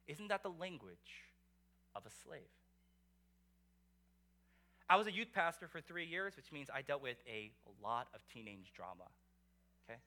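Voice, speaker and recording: A man preaching a sermon as pastor, animated and conversational, asking the congregation rhetorical questions. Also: on the high side, normal speed, pauses often.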